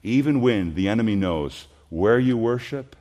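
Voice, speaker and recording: A man's voice: fairly low pitch, animated, normal speed, a little mellow. A man preaching an expository sermon in an earnest, emphatic way, posing rhetorical questions. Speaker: pastor.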